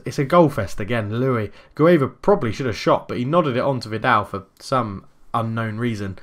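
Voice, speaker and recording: Male gamer, mid-pitched, excitable play-by-play commentary with sudden shouts. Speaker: gaming YouTuber.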